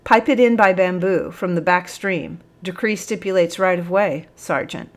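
A woman voicing a quick, eager male police corporal who fires back replies in a storybook reading. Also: on the low side, lightly acted.

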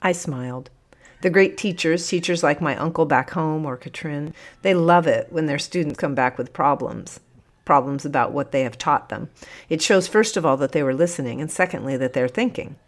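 Low-voiced woman narrating an audiobook. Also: normal speed. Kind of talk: first-person audiobook narration.

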